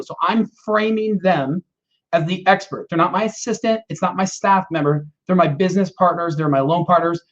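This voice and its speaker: Casting note: male podcast regular, high voice, acts out client calls in a dull lo-fi recording. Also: moderate pace, a bit bright. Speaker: loan officer, podcast regular. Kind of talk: casual podcast talk.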